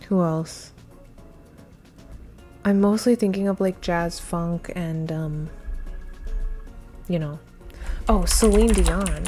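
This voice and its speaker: Soft background music accompanies this woman's fairly low, dark-toned voice as she works slowly through a timed trivia quiz for her video. She mutters her thoughts aloud, flustered, with long pauses and many hesitations.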